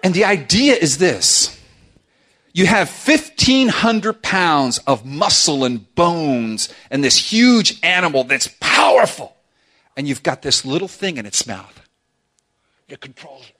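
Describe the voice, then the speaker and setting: Casting note: middle-aged male pastor, lively and humorous sermon delivery, bright, ringing voice, pitch swinging widely. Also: takes it slowly. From South Florida. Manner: animated, humorous, acts out quoted voices. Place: church sanctuary with congregation.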